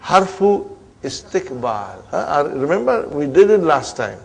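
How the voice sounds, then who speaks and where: A man teaching an Arabic grammar class, coaxing students along, drilling terms slowly and checking they follow. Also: fairly high pitch, big pitch swings, creaky, breathy edge. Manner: coaxing, repeats "huh?" and "are you with me" to check students.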